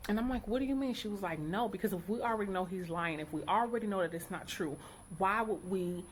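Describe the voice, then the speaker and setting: A middle-aged woman, a mother, telling a story to her viewers in a casual, outspoken and animated way, acting out what each person said. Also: mid-range voice, fast, slight background noise. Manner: animated, outspoken, quotes people in character. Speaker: vlogger, mother.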